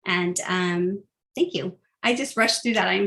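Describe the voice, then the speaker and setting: A woman's voice: on the low side, a little slow, vocal fry, fairly bright tone, slight background noise. A woman giving a casual, upbeat phone-skills training talk, chatty and full of fillers.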